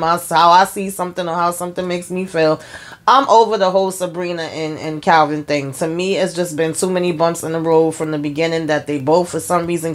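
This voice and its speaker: A woman hosting her own channel, chatting frankly as she recaps a TV episode and gives her opinion, retelling scenes with quoted lines. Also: lowish voice. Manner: drawling informal speech, many fillers. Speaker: TV episode reviewer, channel host.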